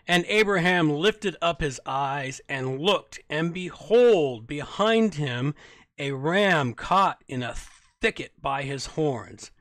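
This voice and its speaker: Slow-reading man with wry asides. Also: on the high side, expressive, a bit bright, no room sound. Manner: wry, sarcastic asides between plain reading; stumbles and corrects himself while reading. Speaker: host reading scripture. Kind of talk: Bible reading with casual commentary.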